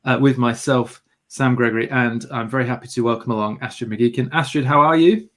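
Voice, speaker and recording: Man, British accent, livestream host, casual chat, mid pitch. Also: steady tone, brisk. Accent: British English. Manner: chatty, warm greetings to viewers, self-deprecating humour.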